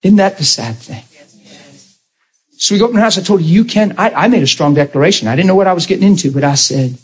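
A man preaching a sermon, telling a story in an animated way and speaking directly to his congregation. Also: high-pitched, quick pace, slightly rough.

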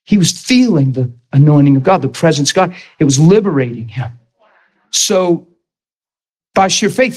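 A man preaching, retelling a story in an animated, emphatic way with lots of repetition. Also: sits high, poor audio. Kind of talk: storytelling sermon.

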